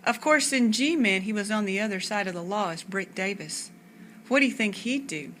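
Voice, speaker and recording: A woman voicing an excitable young girl who chatters eagerly about movies and mysteries. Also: mid-range voice, moderate pace, a little hiss or hum, lightly acted. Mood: excited.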